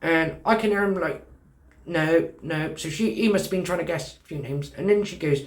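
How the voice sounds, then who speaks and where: A man's voice: fairly high pitch, normal speed, echoey room. A man with a British accent telling a personal story in casual talk, acting out the dialogue and swearing freely. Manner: animated, swearing, acts out dialogue.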